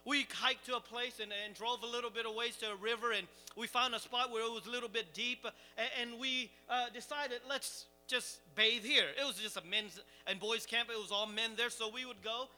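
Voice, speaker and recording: A man preaching, telling a lively, self-mocking camping story to his congregation. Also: very high voice, moderate pace, few pauses, smooth, faint music behind. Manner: animated, self-deprecating storyteller. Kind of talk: storytelling sermon.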